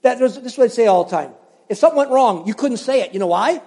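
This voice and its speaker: A man's voice: extremely high pitch, expressive, fast, vocal fry, mellow, slightly rough, long reverb tail. An older man preaching a sermon as pastor, emphatic and repeating phrases for stress while addressing the congregation directly.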